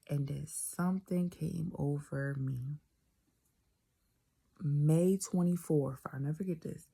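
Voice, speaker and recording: A woman telling a personal faith story in a casual, animated way, repeating phrases and dropping into whispers for emphasis. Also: sits low, measured pace, vocal fry, breathy edge. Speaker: vlogger telling a personal testimony.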